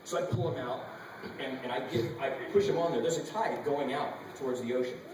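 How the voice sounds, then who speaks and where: A man telling a wild story on a convention panel, animated and profane. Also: medium pitch, a little fast. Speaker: panel guest actor. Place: large convention hall. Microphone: audience camera far from stage. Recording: echoey hall recorded from far off with noise.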